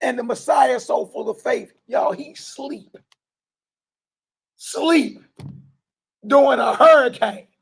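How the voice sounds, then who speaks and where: A man preaching an informal sermon to a live group, talking colloquially and loudly stressing his points. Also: extremely high pitch, slow pace, creaky, long pauses, husky. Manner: loud emphatic bursts, colloquial, laughs often.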